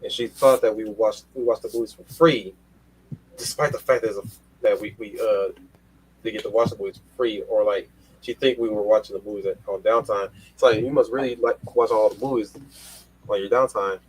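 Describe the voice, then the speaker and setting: A man's voice: fairly low pitch, steady tone, a little fast, rough recording. A man hosting a casual panel chat, rambling with many restarts and casual swearing. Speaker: podcast host.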